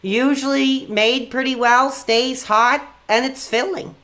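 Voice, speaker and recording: A man hosting a live call-in stream in a rambling, quick-tempered, often exasperated way. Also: very high voice, steady tone, bright, forceful tone.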